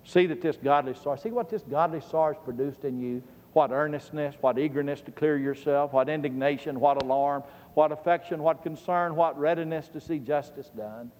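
A middle-aged man delivers a Bible lesson as a sermon, pressing his points and firing questions at the room before answering them himself. His voice sits a little high for a man. Long reverb from a large hall trails each line. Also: a little fast, hardly any pauses, darkish tone. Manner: emphatic, asks the audience questions and answers them. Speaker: preacher teaching a Bible lesson.

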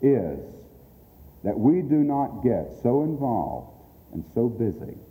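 A man's voice: medium pitch, very animated, slow, mellow. A man giving a sermon-style address about radio outreach. He speaks earnestly and stresses his points through emphatic repetition. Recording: long hall reverb.

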